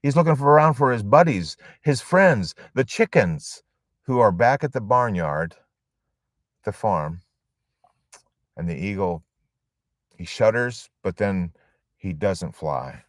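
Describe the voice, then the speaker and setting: A man leading a support group, giving a storytelling sermon with emphatic, pause-filled delivery. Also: on the low side, animated, no room sound, clean studio sound.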